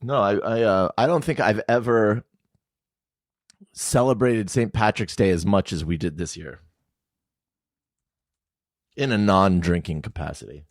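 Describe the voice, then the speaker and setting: A man's voice: lowish voice, measured pace, pauses often, no room sound. A man co-hosting a podcast in a studio, chatting casually, joking and laughing often. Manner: jokey, rambling, laughs often. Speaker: podcast co-host. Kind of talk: casual chat.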